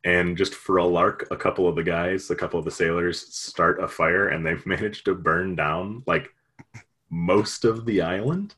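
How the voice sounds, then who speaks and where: A man's voice: low voice, fairly even intonation, moderate pace, fairly bright tone, husky. A man retelling a story in casual chat, rambling and jokey, with lots of fillers.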